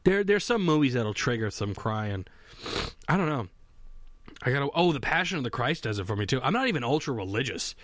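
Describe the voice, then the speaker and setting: A man's voice: mid-range voice, big pitch swings, brisk, a bit bright, no room sound. A young man in a casual solo monologue from a home basement, rambling, swearing and mocking himself.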